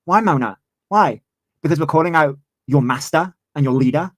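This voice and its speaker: A man's voice: on the high side, normal speed, no room sound. A man in his twenties, ranting heatedly on a livestream and swearing freely. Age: 20s. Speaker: streamer. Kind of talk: livestream commentary.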